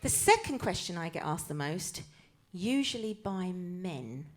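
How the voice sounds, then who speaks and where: A woman's voice: on the low side, sing-song, unhurried. A woman with a Cockney accent doing live stand-up storytelling on a cabaret stage, chatty and self-mocking. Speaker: comedian and tribute performer.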